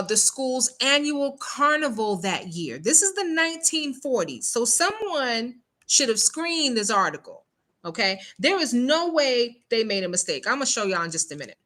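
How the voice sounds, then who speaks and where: On a casual news commentary program, the woman hosting speaks with a sharp tone and a voice on the high side. She drives her points home emphatically, asks rhetorical questions, and keeps tacking on "okay?"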